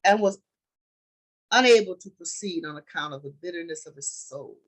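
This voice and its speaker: A woman's voice: on the low side, lively intonation, moderate pace, rough recording. A woman teaching scripture in a conversational, preachy way, often restarting her sentences. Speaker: Bible study teacher.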